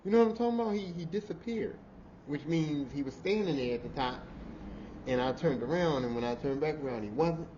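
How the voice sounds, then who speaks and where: A man hosting a podcast, telling a work story in a casual, animated, profane way and often repeating himself. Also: on the high side, fairly quick, dull audio, slight background noise. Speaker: podcast host.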